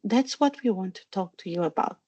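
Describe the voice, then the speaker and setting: A cautious, uneasy father, as a woman reader voices him, halting and careful with each word. The audio is dull and muffled, in a dry, close room. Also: medium pitch, expressive, mellow, husky, dry recording.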